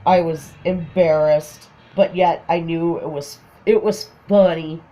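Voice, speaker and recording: Slow-talking Minnesotan woman telling a story. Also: sits low, fairly even intonation, warm tone, lo-fi sound. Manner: laughs often while telling a story. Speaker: craft vlogger. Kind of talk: casual storytelling.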